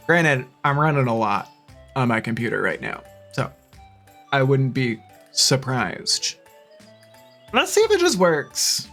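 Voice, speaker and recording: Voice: medium pitch, slow, long pauses. A talkative streamer chatting through a cozy farming game. The voice swoops up and down with plenty of expression. Faint game music hums underneath the whole time. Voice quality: chatty, expressive, with gasps and laughs. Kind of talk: live-stream chat and reading game dialogue aloud.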